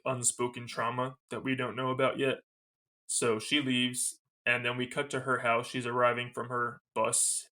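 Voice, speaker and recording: A man with a bright, forceful, medium-pitched voice co-hosts a podcast, fanboying through a casual movie review as he recaps each scene. He rambles loosely, leaning on many fillers.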